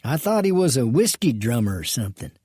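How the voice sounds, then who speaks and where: A man's voice: medium pitch, big pitch swings, fairly quick, dark tone, husky, no echo, studio quality. A man voicing a cheerful, chatty male bartender with folksy speech in an audiobook western.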